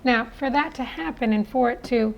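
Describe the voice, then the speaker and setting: A woman's voice: on the high side, moderate pace, creaky, dull audio. A woman giving a spoken phonics lesson as a teacher, talking in an earnest, persuasive way.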